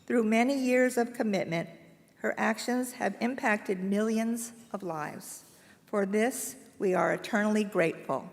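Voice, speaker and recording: A woman's voice: mid-range voice, measured pace, creaky. A woman giving an emotional, chatty tribute speech and presenting an award at a hotel ballroom ceremony. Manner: warm, emotional, chatty storytelling. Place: hotel ballroom event, live stream. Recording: long hall reverb.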